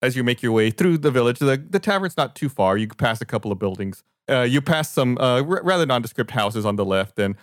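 A man narrating as game master of a tabletop game, halting with fillers. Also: medium pitch, lively intonation, no echo, clean studio sound.

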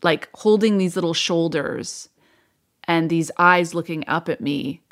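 A woman with a lowish voice tells her own story as a radio interview guest. She speaks frankly and reflectively, with a dry, wry edge. The telling is unhurried and personal.

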